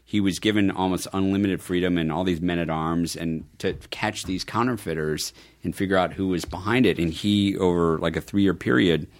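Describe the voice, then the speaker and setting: A man guest in a casual interview, telling stories in a lively way and voicing quotes in a higher tone. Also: moderate pace. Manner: animated storyteller, acts out quotes in a higher voice. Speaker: film producer guest.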